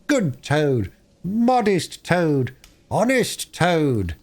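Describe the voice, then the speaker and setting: A man voicing a pompous male weasel chief in a high, squeaky voice, mocking and stretching his words out theatrically. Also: big pitch swings, very slow, darkish tone, exaggerated voice. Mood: mocking, gloating.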